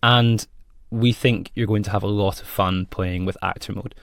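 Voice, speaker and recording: A man presenting a software demo in a friendly, plain explanatory tone. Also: lowish voice, fairly even intonation, moderate pace, creaky, no echo, clean studio sound. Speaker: product presenter.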